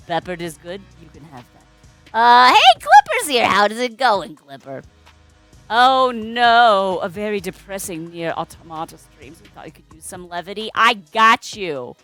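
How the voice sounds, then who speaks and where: Lively bright-voiced woman streamer. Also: medium pitch. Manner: chatty, greets viewers, playful puns. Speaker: balloon artist streamer host. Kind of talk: casual livestream chat.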